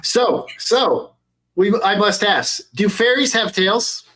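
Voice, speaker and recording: A young adult man co-hosting a podcast in casual chat, excitable and cursing freely as he retells scenes. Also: high voice, slow pace, a little hiss or hum. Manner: excitable, swears a lot while retelling scenes. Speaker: podcast co-host.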